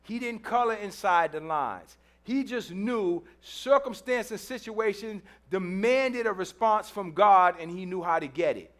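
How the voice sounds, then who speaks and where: With a voice that sits high, this man delivers a church sermon at a measured pace and with few pauses. As pastor, he tells a funny story, plays the people in it and repeats phrases to drive points home.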